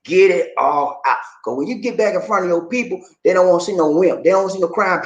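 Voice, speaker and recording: A man hosts a casual advice video and keeps hyping his viewers with playful, repeated catchphrases. His voice sits a bit high for a man and swings up and down constantly. The room around him is roomy and echoey. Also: animated, quick pace, few pauses. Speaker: dating advice host. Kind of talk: casual hyped video talk.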